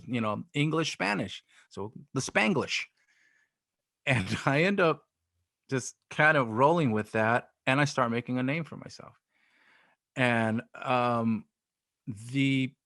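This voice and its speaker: A man's voice: mid-range voice, no echo, studio quality. A man, a DJ guest, telling a story in a casual interview and acting out the lines of the people in it. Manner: animated, acts out quoted dialogue.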